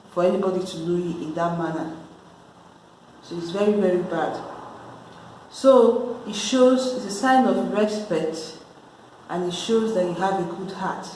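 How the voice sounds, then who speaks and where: A woman's voice: on the low side, a little mellow, a little hiss or hum. A woman from Nigeria, explaining a language lesson patiently in a casual way and repeating the key words. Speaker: language teacher. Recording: very echoey room.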